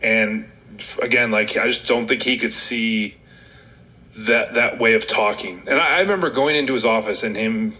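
A man's voice: on the low side, normal speed, pushed and bright, rough recording. A man from upstate New York, a former wrestler, telling candid stories in a casual interview. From Rochester, New York. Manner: candid, rambling, self-deprecating.

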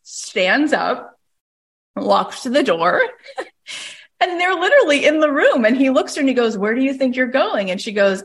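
A middle-aged woman coaching a caller, telling a story with emphatic, lively delivery and frequent "like". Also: on the high side, breathy edge. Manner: animated storyteller, emphatic, uses "like" often. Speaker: host, coach.

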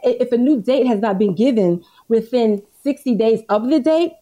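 A woman plaintiff in a courtroom, speaking slowly and hesitantly to the judge. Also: fairly high pitch, dark tone.

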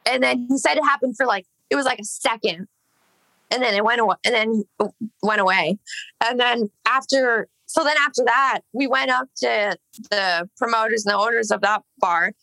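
A woman's voice: fairly high pitch, moderate pace, gravelly, sharp tone, no room sound, rough recording. A young woman from Los Angeles telling a long story in casual chat, rambling with lots of "like" and swearing. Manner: rambling, heavy filler "like", swearing. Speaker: singer, podcast guest.

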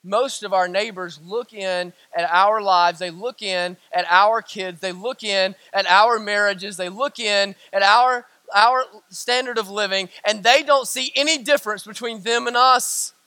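A middle-aged male pastor preaching in a church, his voice unusually high and bright. He builds through emphatic, repeated lines and sinks low and hushed when he tells a story. The sound is dry and close. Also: fairly even intonation, a little slow, clear, resonant tone, dry recording. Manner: preaching with rising emphatic repetition; drops low and quiet for stories. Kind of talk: sermon.

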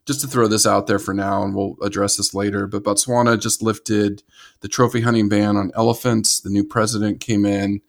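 A man's voice: on the low side, little pitch movement, normal speed. An American man co-hosting a casual conservation podcast, talking enthusiastically and rambling with frequent restarts. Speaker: podcast co-host.

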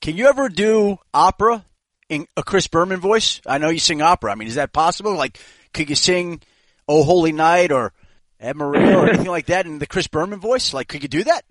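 A man with a high, light voice, recorded dry and close with no room echo. He interviews with playful, coaxing questions, teasing his guest toward a performance. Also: animated, fairly quick. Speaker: interviewer, reporter.

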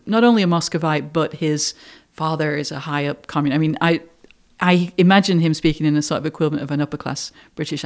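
An interviewer asks questions in a relaxed conversation. The questions are curious and long, winding along before they reach the point. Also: mid-range voice.

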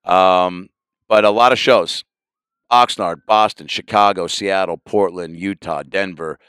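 A man, a comedian hosting his podcast solo, riffing loosely and crudely and breaking into sudden yelled bits. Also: low-pitched, steady tone, measured pace, clear, resonant tone, no room sound, clean studio sound.

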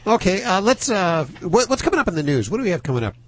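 Lively male radio host. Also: high voice, quick pace, a little hiss or hum. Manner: lively, upbeat, takes calls. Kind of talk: radio talk show hosting.

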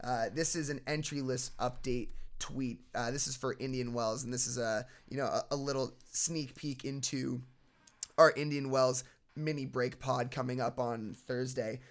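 A man's voice: mid-range voice, steady tone, moderate pace. A man hosting a casual podcast, steering the segments and reading posts aloud, laughing easily. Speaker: podcast host.

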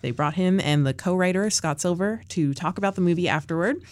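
A woman hosting a podcast in casual chat, animated and leading the segment, with frequent fillers. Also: fairly low pitch, fairly quick, dry recording. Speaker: podcast host.

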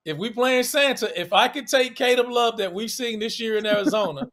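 A man with a Washington DC accent co-hosting a casual sports podcast, animated, slangy and teasing. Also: extremely high pitch, brisk. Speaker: podcast co-host.

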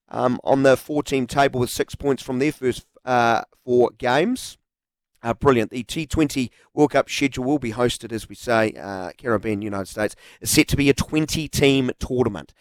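A man's voice: a little high, no echo. A man co-hosting a sports show, reading news items with many fillers and a playful edge. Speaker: co-host. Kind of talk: casual chat.

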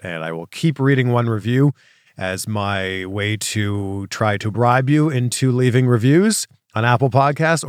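A man's voice: mid-range voice, a bit bright, no room sound, studio quality. A man from Canada hosting a casual interview podcast and reading listener reviews aloud. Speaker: podcast host.

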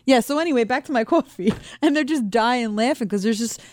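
A woman with a New York accent chatting on a talk radio show, telling animated stories. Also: a little high, a little fast, dry recording, clean studio sound.

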